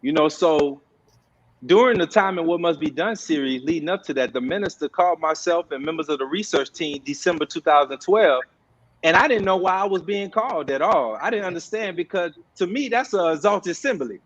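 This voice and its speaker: A man with a high voice tells stories in a panel discussion. He talks conversationally and acts out the voices of the people he quotes. The recording sounds dull and lo-fi. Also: expressive, brisk. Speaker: guest, social media organizer. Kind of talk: animated storytelling in a panel discussion.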